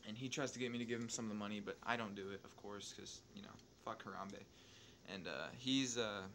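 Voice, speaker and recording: A young man tells a story in a loose, rambling way, swearing almost every sentence and stopping to correct himself. His voice sits at an ordinary pitch and jumps in loudness when he gets excited. Faint noise hums underneath. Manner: profane, rambling, restarts and asides; excitable, quick swings in loudness. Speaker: YouTuber telling a story. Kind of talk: casual storytelling over gameplay.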